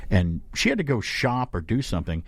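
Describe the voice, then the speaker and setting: A man's voice: fairly low pitch, wildly swooping pitch, a little fast, breathy edge, dry recording. A middle-aged man from Alabama hosting a casual talk radio show, telling stories and acting out quoted voices.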